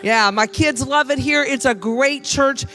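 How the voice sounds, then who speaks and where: Older woman, high-pitched, guest preacher, joking, stirs up the congregation, faint music under. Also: a little slow. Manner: lively, humorous, calls the congregation to respond. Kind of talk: Mother's Day sermon. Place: church sanctuary.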